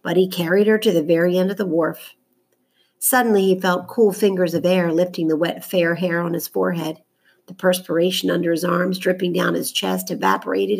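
A woman narrating a children's novel aloud in a measured, steady storytelling voice. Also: lowish voice, vocal fry, husky. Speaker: audiobook narrator.

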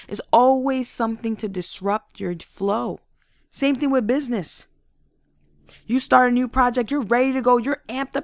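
Energetic woman with a faith-based motivational monologue, voicing doubts in asides, recorded dry. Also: on the high side, no echo. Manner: energetic, acts out inner voices in quick asides. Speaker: motivational speaker.

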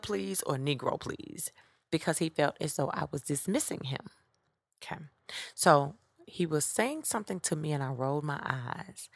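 A woman's voice: low voice, vocal fry, a bit bright, no echo, clean studio sound. A woman host telling a personal story to her listeners, blunt, profane and sassy. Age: adult with children. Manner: sassy, speaks straight to listeners. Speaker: podcast host. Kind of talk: casual storytelling monologue.

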